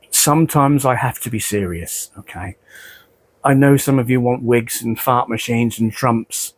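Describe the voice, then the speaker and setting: A middle-aged man speaks straight to his viewers in an earnest, heartfelt way, restarting phrases and stumbling as he goes. His voice sits at an ordinary middle pitch. The sound is close and dry. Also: dry recording. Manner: earnest, repeats himself, stumbles over words. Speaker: model railway vlogger. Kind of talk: emotional casual talk to camera.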